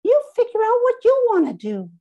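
A woman voicing a small stuffed baby emu toy in a squeaky, high-pitched voice, blunt and matter-of-fact. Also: wildly swooping pitch, normal speed, phone-quality sound, exaggerated voice. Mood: squeaky deadpan. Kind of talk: reading a memoir aloud.

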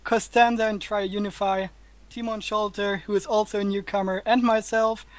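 A man's voice: high-pitched, level tone, normal speed, no room sound. A man hosting a gaming series, cheerfully rattling off team names. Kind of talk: announcing teams. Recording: noisy game voice chat.

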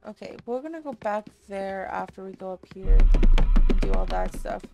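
A woman's voice: mid-range voice, huge pitch swings, moderate pace, creaky, a little mellow, faint music behind. A woman streamer giving casual gameplay commentary, chatty and apologetic, swearing and laughing often. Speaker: streamer playing a horror game.

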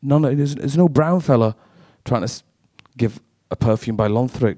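A man doing stand-up comedy, trading sweary, quick banter with a live audience. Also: mid-range voice, dark tone, dry recording, studio quality. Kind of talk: stand-up comedy with crowd work.

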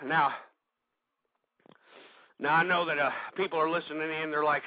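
A man hosting a talk radio show, delivering an impassioned rant that breaks into shouting and swearing. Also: fairly high pitch, steady tone, normal speed, no room sound. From United States. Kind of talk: political talk radio monologue. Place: cold room. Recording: tinny phone-like lo-fi internet radio.

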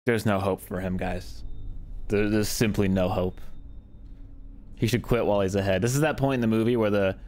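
A man's voice: on the low side, steady tone, moderate pace, long pauses, darkish tone. A young man streaming a game with friends over voice chat, joking around and humming tunes in a playful way. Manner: playful, jokey, hums and sings along. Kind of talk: casual gaming chat with friends.

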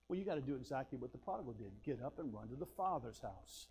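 A man preaching a sermon, telling folksy personal stories and swinging between loud bursts and hushed asides. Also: on the high side, sing-song, fairly quick, hardly any pauses. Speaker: pastor.

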